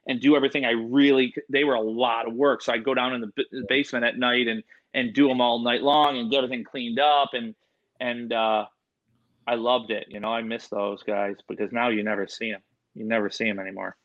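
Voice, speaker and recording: Lively storytelling man, lo-fi sound. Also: mid-range voice, fairly quick. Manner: animated storyteller, swearing, many fillers. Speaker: reptile breeder. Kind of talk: casual storytelling chat.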